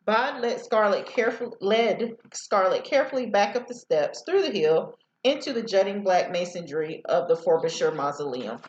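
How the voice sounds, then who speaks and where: A woman's voice: medium pitch, animated, normal speed, hardly any pauses, reverberant, highs cut off, slight background noise. A woman teacher reading a novel aloud to students over a headset, sometimes stumbling over words.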